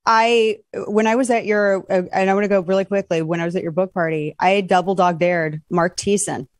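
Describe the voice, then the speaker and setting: A woman's voice: mid-range voice, fairly quick, no echo. A middle-aged woman appearing as a talk show guest, telling stories and giving emphatic opinions. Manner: animated storyteller, emphatic. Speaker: guest commentator.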